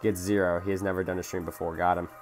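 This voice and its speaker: A man's voice: sits low, level tone, quick pace, darkish tone, faint music behind. A young man live-streaming a mobile game, swearing at his phone and answering chat as he plays. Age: young adult. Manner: frustrated, swearing, reading chat aloud. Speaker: gaming streamer.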